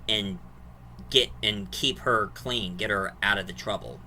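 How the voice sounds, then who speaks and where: Brief: male movie reviewer, casual and rambling, very bright, cutting tone. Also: lowish voice, measured pace, a little hiss or hum. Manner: rambling plot recap, restarts and fillers.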